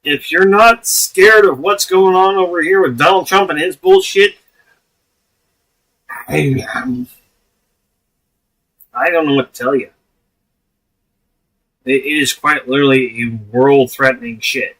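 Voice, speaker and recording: Slow, bright-voiced man streaming. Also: fairly high pitch. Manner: blunt, swears freely, laughs often. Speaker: livestream host. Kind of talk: casual livestream chat. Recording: voice distant from the mic.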